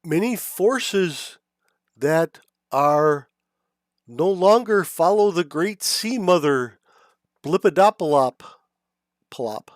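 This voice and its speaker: A man doing a blubbly, slow fish-man elder. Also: on the high side, expressive, no echo, studio quality, pitched above the performer's own voice. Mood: pleading. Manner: slow, drawn-out speech.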